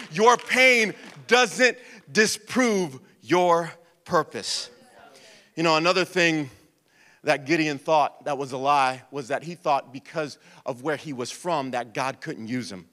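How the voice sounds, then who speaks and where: A man in his thirties preaching a passionate sermon, shifting between urgent preaching and quiet storytelling. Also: sits high, a little slow. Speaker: pastor. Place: church hall. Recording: long church reverb.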